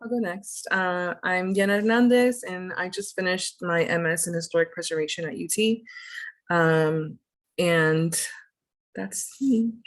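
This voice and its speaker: Hesitant young woman, lowish voice. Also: unhurried. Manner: brief, hesitant. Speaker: recent graduate student. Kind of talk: meeting self-introduction.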